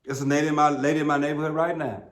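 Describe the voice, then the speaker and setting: A man's voice: fairly high pitch, flat delivery, racing. A middle-aged American man preaching a sermon as pastor, telling folksy, humorous stories with emphatic peaks. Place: church sanctuary. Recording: roomy church sound.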